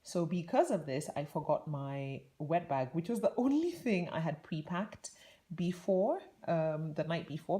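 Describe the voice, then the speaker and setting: A young woman with a low, deep-set voice tells a story to camera in a chatty, rambling vlog style. She laughs often as she talks and drifts between asides. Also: lively intonation, moderate pace, mellow. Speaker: vlogger. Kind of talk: casual storytelling.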